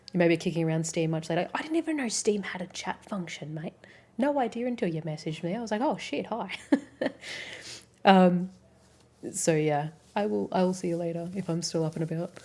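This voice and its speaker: A woman in her twenties with a Melbourne Australian accent, chatting casually on a stream and reading out viewer comments in a relaxed, rambling way, swearing freely and filling her talk with "like". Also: fairly low pitch.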